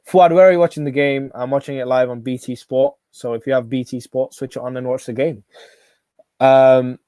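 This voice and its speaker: A man hosting a live football watch-along, excitable and shouting at every chance. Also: mid-range voice, moderate pace, clean tone, no echo, clean studio sound.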